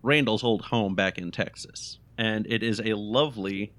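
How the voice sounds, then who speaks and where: A man's voice: on the low side, moderate pace, fairly bright tone, no room sound. A man narrating a tabletop game as game master in an easygoing, descriptive way.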